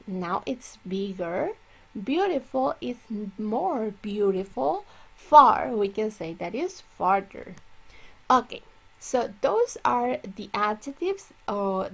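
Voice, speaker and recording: A woman teaching English grammar, explaining slowly and stretching out her example words. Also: fairly high pitch, lively intonation, creaky. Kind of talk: classroom grammar lesson.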